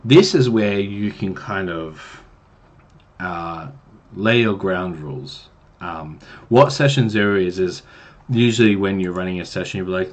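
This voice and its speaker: A man's voice: on the low side, unhurried. A man who runs tabletop games, giving casual advice on a livestream in a rambling, self-deprecating way and swearing now and then. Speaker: game master and streamer.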